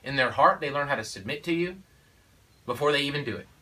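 A man's voice: medium pitch, lively intonation, fast, pushed and bright, distant mic, low-quality recording. A man and father of four speaking in a casual conversation, in an emphatic, preachy way with frequent "you know" and "okay?". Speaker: father of four sharing parenting views.

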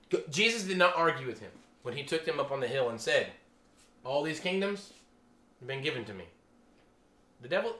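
A man gives a casual sermon in an echoey room, his voice bright and forceful and pitched a little high. He talks in a chatty, animated way, exclaiming as he goes, like someone telling stories to friends. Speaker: preacher. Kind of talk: casual sermon to a small group.

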